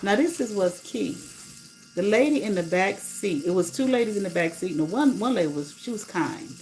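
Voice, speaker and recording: A woman at an ordinary pitch talks straight to her viewers in a loose, unscripted livestream. She tells the story bluntly and indignantly, cursing freely. A faint noise sits under her voice. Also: lively intonation, brisk, darkish tone, rough recording. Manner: blunt, profane, indignant retelling. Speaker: livestreamer and rideshare driver.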